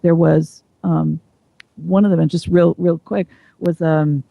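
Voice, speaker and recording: A woman's voice: deep voice, steady tone, measured pace, gravelly, mellow, no echo, poor audio. A woman speaking as an interview guest, explaining at length in a thoughtful, conversational way. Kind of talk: casual interview chat.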